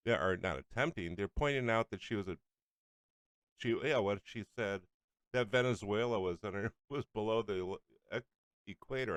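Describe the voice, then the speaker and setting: A man's voice: lowish voice, fairly bright tone, no echo, studio quality. A man hosting a political radio show, angrily ranting and mocking the clips he plays. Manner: ranting, mocking, often laughing. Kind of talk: angry political commentary over clips.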